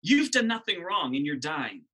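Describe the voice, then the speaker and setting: Man doing a dying man on a cross, stammering plea, husky, bright. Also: on the high side, sing-song, normal speed, heavily acted. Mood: pleading.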